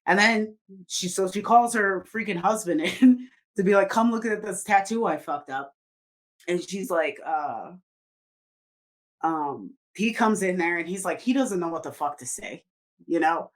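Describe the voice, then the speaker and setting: Rambling, foul-mouthed woman storyteller, low-ish voice. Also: measured pace. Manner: rambling, filler-heavy, swears freely. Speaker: podcast co-host. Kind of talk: casual storytelling chat.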